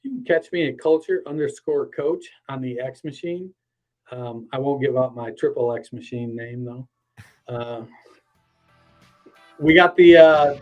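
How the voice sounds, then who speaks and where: A man's voice: fairly high pitch, darkish tone, rough recording. A man appearing as a guest analyst on a podcast, talking bluntly and casually with salty jokes and a lot of fillers. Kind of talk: casual sports chat.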